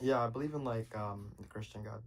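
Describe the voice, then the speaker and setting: A man's voice: on the low side, fairly quick, rough recording. A young man calling into a live debate, talking casually and hesitantly with lots of fillers. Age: young adult. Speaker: caller.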